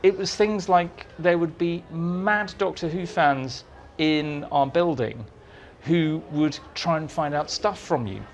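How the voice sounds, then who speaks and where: Lively man telling showbiz anecdotes. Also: a little high, slow pace, a little hiss or hum. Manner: animated, acts out quotes in voices. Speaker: interview guest, writer. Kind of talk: anecdotal storytelling. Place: society meeting room.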